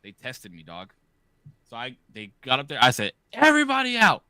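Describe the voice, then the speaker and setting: A man in his thirties hosts a podcast, telling stories in a loose, profane, animated manner. His voice has a bright, forceful edge. The sound is dry and close. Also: mid-range voice, normal speed, no room sound. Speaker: podcast host. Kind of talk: casual chat.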